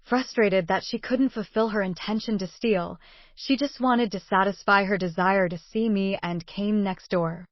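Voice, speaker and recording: A woman reading a first-person story aloud as narrator, in an earnest, steady manner. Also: medium pitch, normal speed, dry recording, lo-fi sound.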